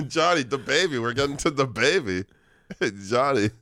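A man's voice: medium pitch, animated, measured pace, sharp tone, no echo. A hungover young man co-hosting a casual podcast, talking in a groggy, mumbling way and swearing often. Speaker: podcast co-host. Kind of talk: casual chat.

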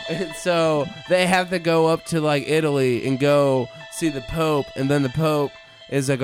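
A man's voice: fairly high pitch, steady tone, a little slow, few pauses, faint music behind. A young man co-hosting a podcast, rambling through a crude made-up story in casual chat. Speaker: podcast co-host.

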